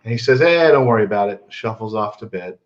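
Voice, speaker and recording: A man telling a favorite joke to friends in a dry, deadpan way. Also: fairly low pitch, fast, lo-fi sound.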